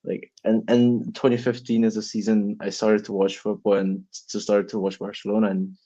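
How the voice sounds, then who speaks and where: A man's voice: fairly low pitch, flat delivery, moderate pace, warm tone, lo-fi sound. A teenage man, a guest on a casual podcast, rambling with lots of "like" and restarts.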